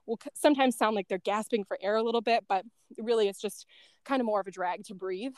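A woman's voice: medium pitch, quick pace, smooth, dry recording. Chatty woman telling a story, dry sound. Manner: chatty, lots of "like" and "um", laughs softly between thoughts. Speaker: guest, former end-of-life caregiver. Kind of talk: casual storytelling.

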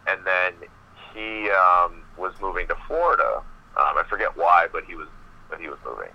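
A male professional wrestler, a guest on an interview podcast, telling a long backstage story in a rambling, animated way with many fillers. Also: deep voice, lo-fi sound.

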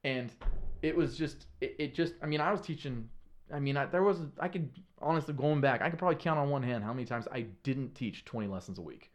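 A man who is a podcast guest, telling stories in an earnest, animated way, with casual slang and frequent restarts. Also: medium pitch, fairly quick. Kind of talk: casual conversational storytelling.

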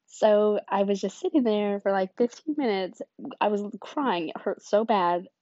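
A woman's voice: mid-range voice, expressive, unhurried, warm tone, dry recording, muffled recording. A young woman vlogging, telling rambling stories in a casual, giggly way with lots of fillers. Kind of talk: casual storytelling chat.

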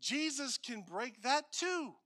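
A man preaching as a pastor, emphatic and repetitive, swinging between loud declarations and hushed lines. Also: very high-pitched, sing-song, takes it slowly. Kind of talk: sermon.

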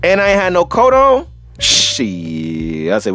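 A man's voice: on the high side, huge pitch swings, slow pace, sharp tone, faint music behind. A man hosting a solo podcast, telling a travel story in a profane, laughing, casual way. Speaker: podcast host.

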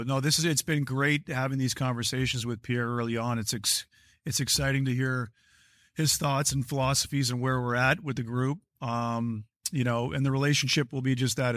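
A man answering questions as a hockey executive at a press conference, measured and halting, with frequent restarts. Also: mid-range voice, a bit bright, dry recording, studio quality.

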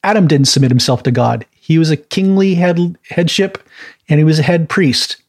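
A fairly high-pitched man leads an informal Bible class. He talks in a chatty, rambling way, with quick asides and laughs at his own stories. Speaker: Bible teacher. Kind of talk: informal teaching talk.

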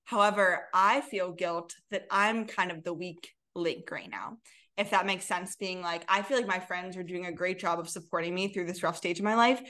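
A woman's voice: fairly low pitch, fairly even intonation, normal speed, pushed and bright. A young adult woman co-hosting a podcast in casual chat, earnest and full of "like" fillers. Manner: earnest, filler-heavy, lots of "like". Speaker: podcast co-host.

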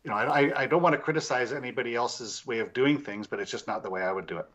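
A man recounts his investigations as a guest in a casual interview, his words tumbling out through constant restarts and filler sounds. His medium-pitched voice is muffled, the sound thin and lo-fi as though coming over a remote call. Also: fast talker, a bit bright, a little hiss or hum. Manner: rambling, with many restarts and fillers.

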